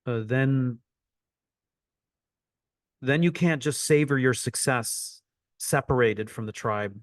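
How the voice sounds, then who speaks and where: A man's voice: mid-range voice, slow pace, dry recording, studio quality. A man coaching an online teaching session, repeating phrases for emphasis as he explains.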